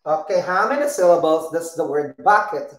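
A woman's voice: deep voice, lively intonation. Patient, encouraging woman preschool teacher. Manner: slow, patient and encouraging, repeating words and praising. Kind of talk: online preschool circle-time lesson. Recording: roomy echo.

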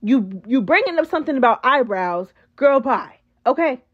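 A woman's voice: sits high, normal speed, lo-fi sound. A woman hosting a casual reality show recap, chatty and slangy, talking straight to her viewers. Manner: chatty, slangy, animated, addresses viewers as girl.

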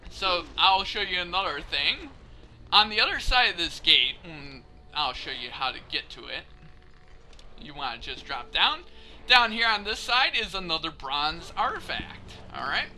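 Male gamer, high and animated, slow talker, game music loud underneath. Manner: joking, swearing, talks at the character. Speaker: let's play gamer. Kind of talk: casual gameplay commentary.

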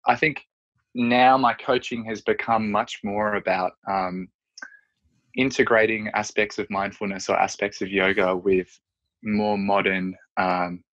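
A man with a low, husky voice talks through his ideas in a relaxed, searching way, often pausing on fillers. The recording is dull and lo-fi. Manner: reflective, searching, many fillers. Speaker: strength and yoga coach, podcast guest. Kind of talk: casual interview chat. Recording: dull lo-fi audio.

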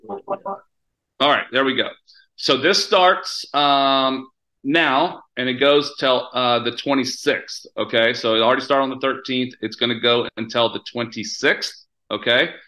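A man's voice: mid-range voice, animated, takes it slowly, sharp tone, low-quality recording. Hyped-up American man hosting a call. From United States. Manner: upbeat, hyped, many fillers. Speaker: host of a company call. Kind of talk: casual webinar hosting.

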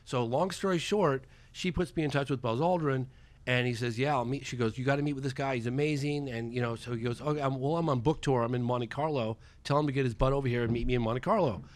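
A man in his forties, a documentary filmmaker, telling a story as a podcast guest and acting out the dialogue in a lively way. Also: medium pitch, dry recording. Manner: lively, acts out quoted dialogue, fast and excitable. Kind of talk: animated storytelling in a podcast interview. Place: podcast studio.

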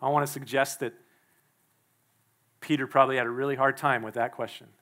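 A male pastor preaching a sermon in a church, emphatic and quick to act out the people he quotes. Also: mid-range voice, fairly bright tone. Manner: emphatic, acts out the quoted speakers.

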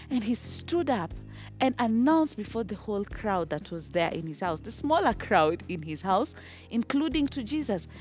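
A woman teaching a children's Bible lesson, telling the story with lively animation, breaking into song and checking in with "okay?". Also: a little high. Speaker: Sunday school teacher.

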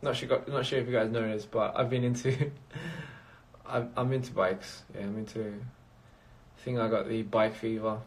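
A man's voice: on the low side, steady tone, a little slow. A man chatting casually on a phone livestream, rambling and reading out viewer comments. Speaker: livestream host.

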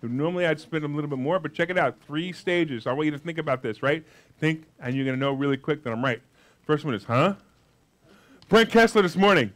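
A man giving a live motivational money seminar, brash and jokey, with loud outbursts and quiet asides. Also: on the high side, expressive, fairly quick. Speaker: seminar speaker.

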